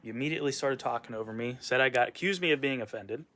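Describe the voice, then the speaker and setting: This vlogger and musician talks fast in a medium-pitched, slightly bright voice. Venting about his old boss in a casual, rambling way, he leans on fillers and lets asides trail off.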